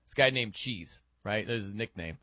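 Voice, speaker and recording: A man's voice: fairly low pitch, moderate pace, sharp tone, no echo, clean studio sound. A man hosting a sports radio show, chatting casually and laughing as he mimics people in his stories.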